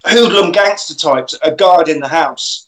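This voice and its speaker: A man's voice: on the high side, measured pace, fairly bright tone, low-quality recording. A man casually recapping a film plot, swearing and acting out the characters' lines.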